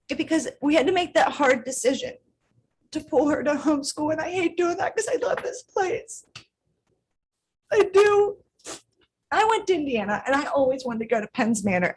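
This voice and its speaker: A woman's voice: high voice, a little hiss or hum. A woman in her thirties, a parent giving public comment at a school board meeting, pleading earnestly and emotionally with her voice catching in tears.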